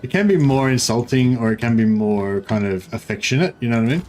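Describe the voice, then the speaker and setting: A man's voice: mid-range voice, expressive, fairly quick, darkish tone, slight background noise. Rambling Australian man streaming. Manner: rambling, full of "like" fillers and restarts. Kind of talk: casual gaming livestream chat.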